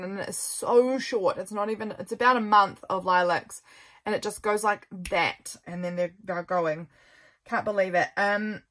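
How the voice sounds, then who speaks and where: A young woman talks in an easy, chatty way, at a middle pitch for a woman. She rambles, wanders off track and corrects herself mid-thought, like a relaxed journaling vlogger talking to her viewers. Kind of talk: casual chatty flip-through.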